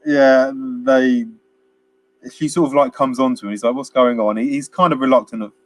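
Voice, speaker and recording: A man's voice: medium pitch, steady tone, moderate pace, dry recording. A man co-hosting a casual film chat, rambling through scenes, laughing often and acting out bits of dialogue. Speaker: film podcast co-host.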